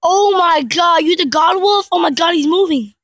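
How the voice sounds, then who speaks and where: A woman giving casual, excitable commentary while playing an online game, exclaiming and laughing. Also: very high voice, moderate pace, dry recording. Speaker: gamer.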